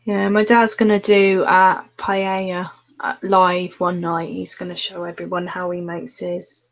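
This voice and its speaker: Relaxed easygoing woman co-host. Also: on the low side, unhurried, muffled recording. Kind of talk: casual live stream chat.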